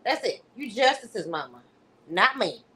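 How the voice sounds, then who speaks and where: A woman's voice: a little high, sing-song, unhurried, pitched above the performer's own voice. A woman voicing a furious older woman who cusses out and threatens a younger rival. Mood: scornful. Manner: profane, threatening, loud.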